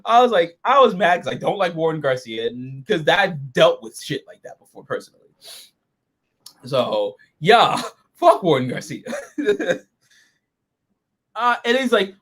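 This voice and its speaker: A man talks through an episode in a loose, rambling review chat, swearing freely. His voice sits a touch high and swings widely in pitch. He keeps it casual and animated throughout. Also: measured pace, long pauses. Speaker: show host reviewing episodes.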